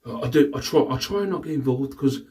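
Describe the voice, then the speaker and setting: A man's voice: medium pitch, animated, a little fast, darkish tone, distant mic. A middle-aged man, casually rambling to camera about his day and his resale finds, exasperated and swearing freely. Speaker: reseller vlogger. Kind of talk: casual vlog chat.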